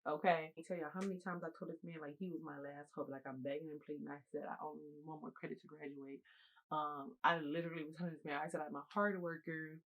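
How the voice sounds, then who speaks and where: A woman in her twenties telling viewers a college story in an animated, emphatic, slangy storytime monologue. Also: low-pitched, quick pace, poor audio.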